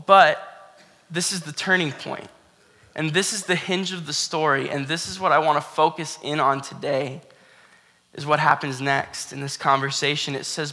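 A man's voice: a little high, steady tone, normal speed, vocal fry, sharp tone. A man giving a casual, earnest sermon, talking conversationally with lots of "like" and "you know". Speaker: pastor. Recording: long hall reverb.

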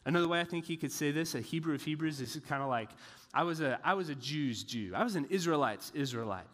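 Chatty preacher with a higher voice. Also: male voice, lively intonation, fast, a bit bright, in a large hall. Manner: chatty, joking asides with many "like" fillers. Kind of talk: casual Bible teaching.

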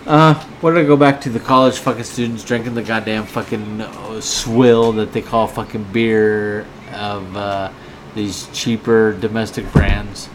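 A man's voice: lowish voice, level tone, measured pace, a little hiss or hum. A drunk man hosting a podcast, rambling and swearing as he bickers with a co-host. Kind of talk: casual drunken rant.

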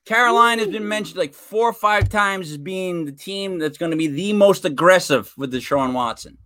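Host type: lively, high, bright-voiced man, loose sports banter, dry room. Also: normal speed, dry recording. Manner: animated, opinionated, frequent fillers. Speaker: podcast co-host. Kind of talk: casual sports chat.

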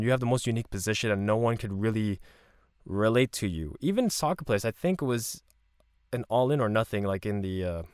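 A man from Canada hosting a casual solo podcast, telling stories in a relaxed, rambling way and laughing often. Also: lowish voice, clean tone, dry recording, clean studio sound. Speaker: podcast host.

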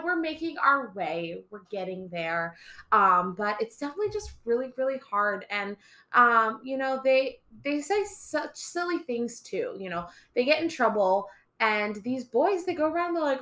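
A woman's voice: on the high side, animated, normal speed, fairly bright tone. A young woman, a teacher, chatting casually on a podcast, telling stories and acting out voices. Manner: chatty storyteller, acts out voices and swears for laughs.

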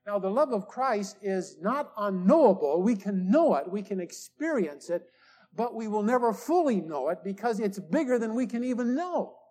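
An older man preaching a sermon, slow and emphatic, drawing out the key words. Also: high-pitched, sing-song, darkish tone. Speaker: pastor. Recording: old sermon tape recording.

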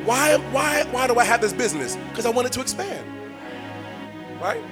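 A man preaching a sermon, repeating phrases and building to shouted points. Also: very high-pitched, normal speed, music in the background. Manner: animated, repetitive, building to shouts.

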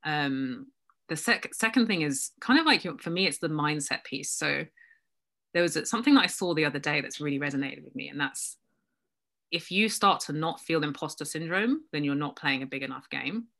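A woman's voice: deep voice, lively intonation, moderate pace, gravelly, pushed and bright. A woman guest speaking reflectively about her own doubts, self-deprecating and laughing often in a casual conversation. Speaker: guest, business coach.

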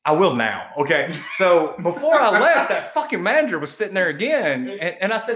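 A man's voice: high-pitched, sing-song, fairly quick, hardly any pauses, a bit bright. A man co-hosting a podcast, telling a long rambling story with lots of swearing and laughter. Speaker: podcast co-host. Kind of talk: casual storytelling chat. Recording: echoey room.

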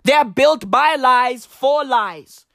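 A woman with a high, lively voice ranting in crude, slangy bro talk, swearing constantly. She drawls slowly and leans on every word. The sound is dry and close, with no room around it. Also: vocal fry, dry recording. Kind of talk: profane comedic rant.

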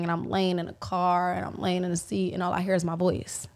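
A young woman from New Jersey chats casually as a guest. She tells her stories in an animated way and swears freely. Her voice keeps leaping into loud, high reactions. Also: quick pace, few pauses. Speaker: musician guest. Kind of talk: casual interview chat.

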